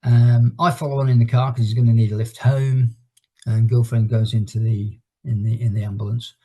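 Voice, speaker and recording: A man's voice: mid-range voice, level tone, normal speed, dark tone. A middle-aged man who teaches fitness leads an online exercise class over a video call. He tells a long rambling story and breaks off to count down each exercise. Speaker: fitness instructor.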